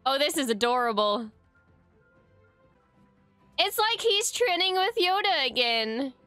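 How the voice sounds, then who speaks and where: A woman hosting a reaction video, gasping, laughing and swearing in excitement as she gushes over what she watches. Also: high voice, takes it slowly, dry recording, soft background music. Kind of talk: excited live reaction commentary. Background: faint show soundtrack.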